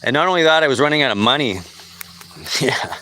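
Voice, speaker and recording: A man hosting a podcast tells a personal story in a blunt, profane, casual way. His voice sits at a middle pitch, with faint crickets chirping behind him. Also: expressive, normal speed, bright, forceful tone, a little hiss or hum. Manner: blunt and profane, with frequent swearing and fillers. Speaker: podcast host.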